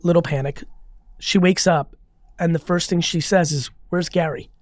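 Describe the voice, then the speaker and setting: Animated, swearing man telling a story. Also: fairly high pitch, moderate pace, no room sound, studio quality. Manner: animated, rambling, swears freely. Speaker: guest. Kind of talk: casual storytelling in a podcast conversation.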